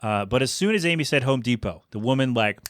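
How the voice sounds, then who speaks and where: A man's voice: mid-range voice, fast talker, no echo. Man telling a story, close and dry. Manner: animated, acts out voices of people in his story. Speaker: podcast host. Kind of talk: casual storytelling.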